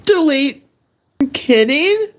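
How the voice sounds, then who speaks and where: A woman's voice: high voice, lively intonation, slow pace. A middle-aged woman on a livestream, rambling in an agitated, pleading monologue.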